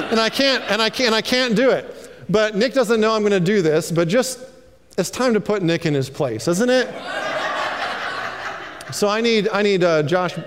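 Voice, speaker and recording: High-pitched pastor guy preaching, lively and preachy, big church reverb. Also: slight background noise. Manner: animated, preachy, calls for amens. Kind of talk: sermon.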